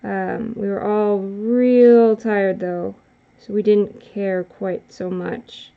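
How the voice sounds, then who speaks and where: A woman's voice: mid-range voice, steady tone, slow, gravelly. Woman rambling casually while drawing, keeps correcting herself, kinda muffled lo-fi audio. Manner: rambling, self-correcting, chatty. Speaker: art vlogger.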